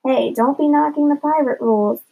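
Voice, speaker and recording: Woman plays an eager, excitable little boy in a storybook reading, high and gravelly, dull sound. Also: a little fast. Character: excitable pirate-mad young boy. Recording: dull lo-fi recording.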